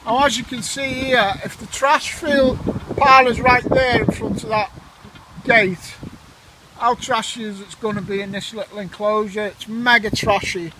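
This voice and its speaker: A man's voice: very high voice, steady tone, moderate pace. A man hosting a metal detecting vlog, chatting enthusiastically to viewers while outdoors in a windy farm field. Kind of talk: casual vlog commentary.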